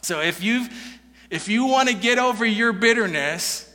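A pastor preaching a sermon in an earnest, conversational way, swinging between loud emphasis and soft, low passages. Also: male voice, expressive, normal speed. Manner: conversational, with many restarts and "you know". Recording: long hall reverb.

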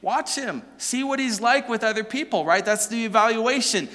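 A man preaching a sermon, animated and joking, asking the listeners question after question. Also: high-pitched, moderate pace, long reverb tail. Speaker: pastor.

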